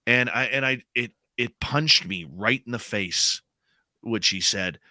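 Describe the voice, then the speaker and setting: A man's voice: medium pitch, a little slow, no echo. A middle-aged man, a radio host, telling a personal story in casual chat and acting out the quotes. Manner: animated storyteller, acts out quotes.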